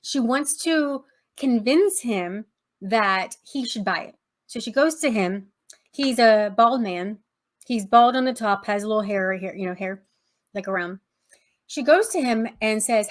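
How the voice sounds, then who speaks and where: A woman's voice: fairly high pitch, expressive, measured pace. A woman business coach teaching casually, retelling a story in a rambling, chatty way.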